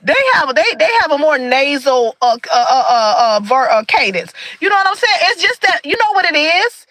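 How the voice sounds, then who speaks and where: A woman's voice: high-pitched, lively intonation, normal speed, fairly bright tone, rough recording. A woman from Michigan hosting a livestream, talking casually and earnestly, preaching a little and greeting viewers in the chat. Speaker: livestream host.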